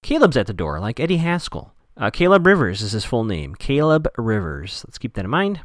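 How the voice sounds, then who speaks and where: A man's voice: mid-range voice, wildly swooping pitch, a little fast, dry recording, studio quality. A man hosting a podcast, chattily recapping a TV episode and quoting characters in playful voices. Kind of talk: casual recap chat.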